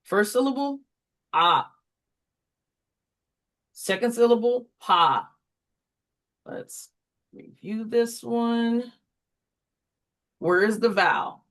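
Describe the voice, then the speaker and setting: In this phonics drill, the tutor's voice is a bit bright, prompting words one by one in slow, deliberate call-and-response, spelling each out letter by letter with examples. Brief asides, delivered lower and quicker, explain the method to fellow tutors.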